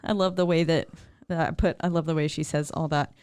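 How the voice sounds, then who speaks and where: A woman co-hosting a podcast, casually and excitedly recapping a horror film, swearing freely and acting out quotes. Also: low-pitched, brisk, clean tone, no room sound, studio quality. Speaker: podcast co-host.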